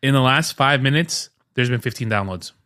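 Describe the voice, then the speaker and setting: A man's voice: medium pitch, brisk, no echo. Joking married man on a close, dry mic. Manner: joking, animated storyteller. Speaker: podcast co-host. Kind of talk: casual chat.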